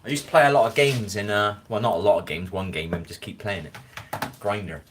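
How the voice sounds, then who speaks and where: Tired after little sleep, a man with a West Country English accent rambles chattily on a livestream, reading viewers' names from the chat aloud, recorded on a phone at home. His voice is fairly low, a little fast and a bit bright, with a little hiss or hum.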